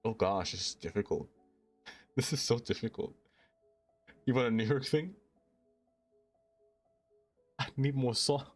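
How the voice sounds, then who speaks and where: A man's voice: mid-range voice, expressive, normal speed, pauses often, faint music behind. Giggly young man streaming. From United States. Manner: playful, giggly, trying out silly accents. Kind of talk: casual live-stream chat.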